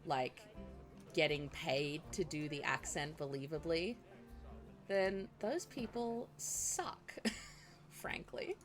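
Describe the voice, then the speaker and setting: A woman's voice: deep voice, animated, slow pace. A woman chatting casually while streaming a game, talking back to her viewers. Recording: music playing behind the voice.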